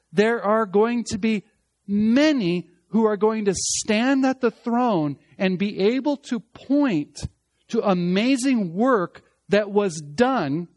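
A man preaching a sermon as pastor, swinging from emphatic loud passages to hushed, slow lines. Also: high-pitched, no echo.

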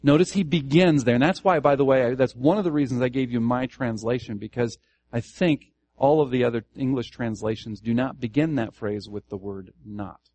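A man with a mid-range, slightly mellow voice teaches Scripture to a church group at a fairly quick pace. The Bible teacher is earnest, restarting phrases and putting questions to the congregation during the study.

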